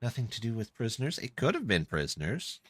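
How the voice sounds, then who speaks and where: A man's voice: mid-range voice, huge pitch swings, fast, fairly bright tone, husky, no echo. A man live-streaming a game and chatting casually with viewers, answering their comments in a loose, self-deprecating way. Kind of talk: casual live-stream chat while gaming.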